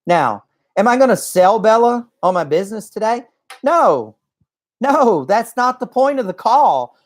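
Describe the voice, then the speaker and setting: A network marketing coach giving a casual motivational talk, chatty and folksy, often checking in with "okay?" and "right?". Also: medium pitch. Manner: acts out phone calls in a lively voice. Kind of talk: casual motivational talk to a live online group.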